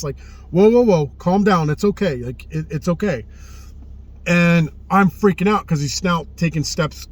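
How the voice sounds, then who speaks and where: A man telling a personal story in casual spoken style, earnest and often hushed, swearing freely and repeating phrases for emphasis. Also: fairly high pitch. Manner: often drops to a hushed, subdued tone.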